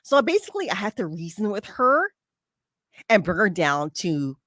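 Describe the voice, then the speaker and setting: A woman's voice: mid-range voice, normal speed, no room sound, clean studio sound. A woman podcast host telling a personal story and giving casual advice, acting out her friends' lines as she goes. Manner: animated, acts out quoted friends.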